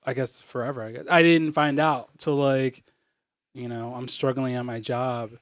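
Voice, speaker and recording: A young man from Virginia chats as a podcast guest, rambling through his stories with lots of filler words and quick laughs. His voice sits in an ordinary middle pitch, and it sounds close and dry with no room around it. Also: fairly even intonation, dry recording. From Virginia, USA. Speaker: comedian guest. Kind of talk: casual podcast chat.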